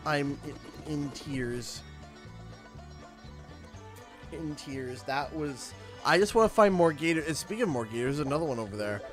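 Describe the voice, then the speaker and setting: A man livestreaming a video game, chatting casually and breaking into laughter, excitable and giggly. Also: on the high side, normal speed. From Canada. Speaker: streamer. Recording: game music faint underneath. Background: game music.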